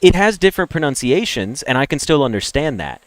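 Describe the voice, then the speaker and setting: A young American man chatting with viewers on a game stream, ranting and opinionated, jumping from loud emphatic bursts to low mutters. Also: big pitch swings, a little fast, no echo. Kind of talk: casual chat with stream viewers.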